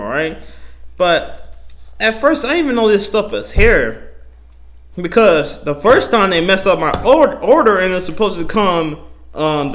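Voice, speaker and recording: Young guy rambling on his podcast, kinda high voice, cussing a lot and cutting himself off. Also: slight background noise. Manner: rambling, profane and animated, with slang and self-interruptions. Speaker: podcast host. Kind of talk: casual solo podcast monologue.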